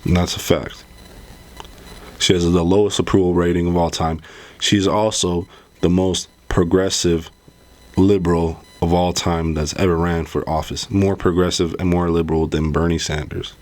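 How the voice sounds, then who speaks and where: A man's voice: sits low, little pitch movement, normal speed, a little mellow. A man hosting a commentary vlog, talking in a rambling, conversational way and calling his viewers "bro". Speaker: political commentary vlogger.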